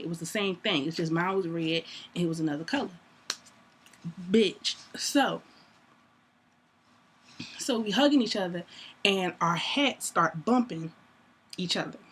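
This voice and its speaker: Young woman, casual vlog storyteller, animated and laughing, acts out dialogue; faint background noise. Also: medium pitch. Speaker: vlogger.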